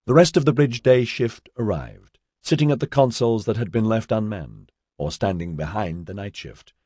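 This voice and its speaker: A man narrating an audiobook in a measured storytelling manner, voicing all the characters. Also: lowish voice, darkish tone, slightly rough, no echo, clean studio sound. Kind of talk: scripted narration.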